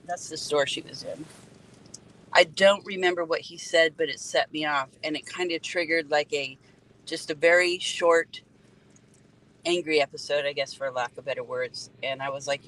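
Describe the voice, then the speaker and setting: Her voice is low and a bit bright, moving at a moderate pace, with a little hiss or hum on a low-quality recording. The middle-aged EMT and grieving mother earnestly points out spots and recounts details from a car parked by the road, telling her story emotionally in the first person.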